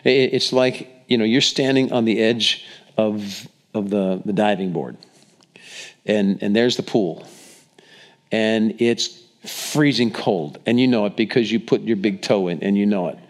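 A man's voice: on the low side, measured pace. A middle-aged man preaching a sermon in an earnest, conversational way, asking the congregation questions. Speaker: pastor.

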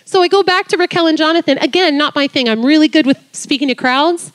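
A woman in her forties, a worship leader, telling a lively story in a sermon, her voice jumping high when excited. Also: fast talker. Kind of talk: sermon testimony.

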